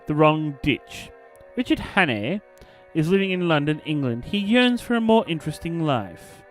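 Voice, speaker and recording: Man, let's play host, reads game text aloud theatrically, fairly high voice, lively swooping delivery. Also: normal speed, faint music behind. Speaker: gaming channel host.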